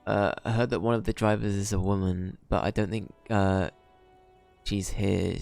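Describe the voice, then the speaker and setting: Streamer type: man, rambling and cursing, gravelly low voice, casual play-along commentary. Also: flat delivery, moderate pace, a little mellow, soft background music. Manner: rambling, swearing, talks to himself.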